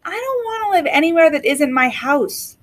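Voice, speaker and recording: A woman's voice: very high voice, very animated, moderate pace, pitched above the performer's own voice. A woman reading aloud, voicing a determined, stubborn young girl who insists on what she knows. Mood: worried. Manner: insistent, earnest.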